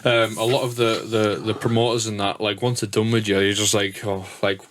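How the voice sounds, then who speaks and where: A man's voice: on the low side, flat delivery, brisk. A man with a northern English accent hosting a podcast, telling rambling stories with lots of swearing and restarts. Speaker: podcast host and DJ. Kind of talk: casual podcast chat.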